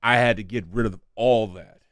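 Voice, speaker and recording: A man raised in St. Louis, co-hosting a sports talk show in a loose, chatty way and quick to laugh. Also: on the low side, fairly even intonation, a bit bright, dry recording, studio quality. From St. Louis, USA. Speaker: sports radio co-host.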